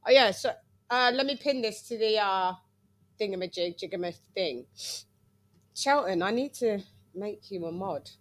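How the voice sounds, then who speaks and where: Her voice sits at a medium pitch with lively intonation, normal speed, and long pauses. This Englishwoman runs a casual livestream about boxing, bringing guests on with sing-song jingles and keeping things playful with chatty side remarks.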